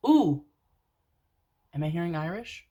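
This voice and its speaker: Young woman, low voice, casual rambling tarot reader, laughs easily. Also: big pitch swings, unhurried, mellow, highs cut off. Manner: rambling, chatty, laughs and swears. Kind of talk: casual pick-a-card reading.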